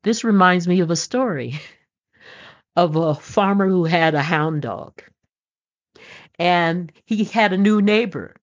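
A woman's voice: on the low side, slow, long pauses. A middle-aged woman hosting a podcast, telling homespun stories and jokes in a casual, folksy way and laughing often. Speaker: podcast host. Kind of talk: casual storytelling monologue. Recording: dull lo-fi recording.

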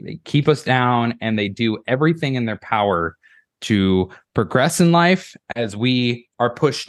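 A man's voice: lowish voice, no room sound, clean studio sound. A man speaking as a guest on a podcast in casual chat, earnest and rambling, swearing and restarting his sentences.

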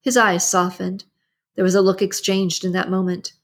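A woman's voice: medium pitch, flat delivery, moderate pace. Woman narrating a novel aloud. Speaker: book reader and channel host. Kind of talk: audiobook narration.

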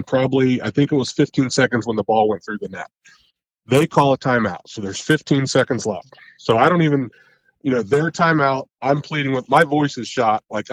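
A man's voice: mid-range voice, dry recording, low-quality recording. Man recounting a game, dry sound. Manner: animated, rambling recounting with self-corrections. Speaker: head coach. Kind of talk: casual podcast storytelling.

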